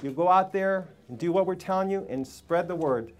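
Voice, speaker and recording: A man's voice: high-pitched, moderate pace. A man giving a live seminar talk to a room full of people, emphatic and preachy, firing rhetorical questions at the audience. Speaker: health seminar speaker.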